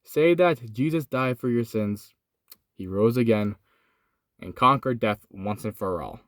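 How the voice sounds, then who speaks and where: A man voicing Jesus as a solemn, commanding adult man, speaking in slow, earnest pronouncements in a lowered voice. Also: no room sound, studio quality, lightly acted. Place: inside a hot parked car.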